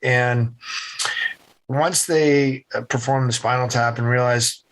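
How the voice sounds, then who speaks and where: A middle-aged man from central Massachusetts, a podcast guest telling his story with animated, acted-out voices. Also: medium pitch, takes it slowly. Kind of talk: storytelling interview answers.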